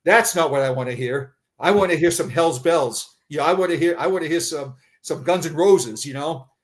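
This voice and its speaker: A middle-aged man, a retired police officer, telling a personal story in conversation, halting and often repeating words. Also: fairly high pitch.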